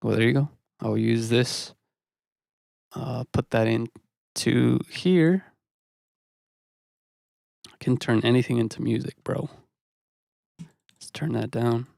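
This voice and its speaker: A man's voice: medium pitch, fairly even intonation, slow, vocal fry, pauses often, darkish tone, dry recording, studio quality. A man casually chatting through a music production live stream in a laid-back, rambling way, dropping "bro" now and then.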